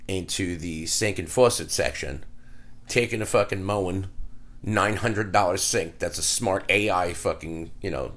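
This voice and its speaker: A man chatting casually on a podcast, telling a profane story with wry, drawn-out delivery. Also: low voice, fairly bright tone.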